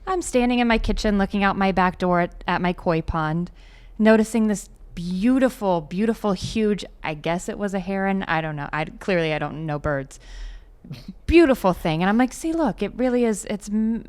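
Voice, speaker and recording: A woman telling a funny story in casual chat, animated and acting out her own pleading and yelling. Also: mid-range voice, normal speed, smooth. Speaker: podcast guest.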